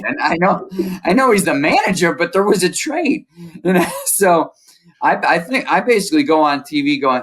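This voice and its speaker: A man's voice: fairly high pitch, sing-song, normal speed, a bit bright. A man working as a baseball reporter, recounting events in a casual conversation with a lot of detail and frequent "uh"s.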